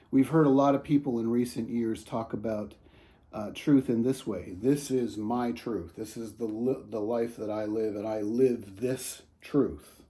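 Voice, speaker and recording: A man's voice: mid-range voice, mellow. A man, a pastor, giving a short, earnest, conversational devotional talk to viewers.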